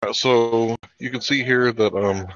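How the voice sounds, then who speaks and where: A man's voice: mid-range voice, fairly even intonation, measured pace, fairly bright tone, no echo. Insistent male live-stream host, dull lo-fi sound. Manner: pointed, insistent questioning. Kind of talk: debate-style questioning.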